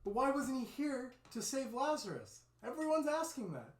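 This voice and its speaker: Storybook townsfolk, gossipy and questioning, voice climbing high, put on by a man, echoey. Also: big pitch swings, moderate pace. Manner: rising, questioning. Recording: roomy echo.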